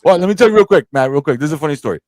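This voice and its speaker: A man from Queens with a New York accent tells stories at a brisk pace, laughing between lines. His voice is dry and close, on a video call. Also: a little high, no echo. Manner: animated anecdote teller, laughs often. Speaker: comic club member. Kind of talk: casual chat, storytelling.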